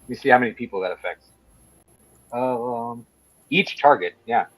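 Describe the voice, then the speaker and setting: A man's voice: medium pitch, normal speed, a bit bright, no room sound, rough recording. A man playing a tabletop game, joking around and stammering over the rules. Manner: jokey, panicky outbursts, stammers on rules. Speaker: player. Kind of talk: casual tabletop game play.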